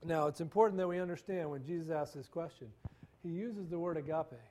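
Man, pastor, high voice, conversational sermon, acts out dialogue. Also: brisk, mellow. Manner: conversational, acts out quoted dialogue with repeated stammers.

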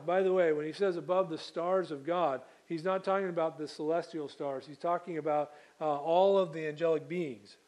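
A man's voice: fairly high pitch, steady tone, moderate pace, few pauses, darkish tone, poor audio. A man preaching a sermon, reading scripture aloud and then explaining it with asides and small slips. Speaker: pastor.

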